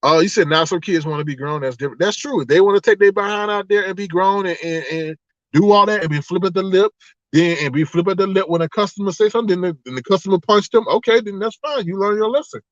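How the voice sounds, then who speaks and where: A man hosting a casual livestream, reading the chat and telling stories in an animated, exclamatory way, often laughing. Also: high-pitched, quick pace, no room sound. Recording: dull, slightly lo-fi, dry sound.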